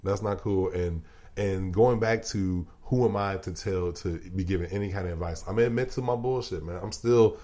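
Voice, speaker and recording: Low-voiced dude on a podcast, loose and emphatic, swears a lot, laughs a bunch. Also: male voice, moderate pace, dark tone. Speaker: podcast guest. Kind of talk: casual chat.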